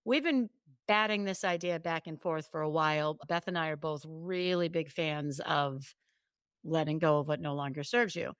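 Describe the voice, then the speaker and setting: Podcast co-host and coach, a woman with a slightly low voice, talking casually with quick asides. Dry, close sound. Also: smooth, no echo. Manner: animated storyteller, quick asides and restarts.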